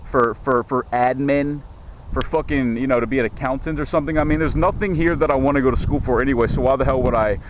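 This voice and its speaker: A man's voice: medium pitch, fast talker, noisy background. A man from the United States talking casually to a handheld camera outdoors in a rambling, profane, stammering rant. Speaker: vlogger. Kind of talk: casual vlog monologue. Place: outdoors in a small town street.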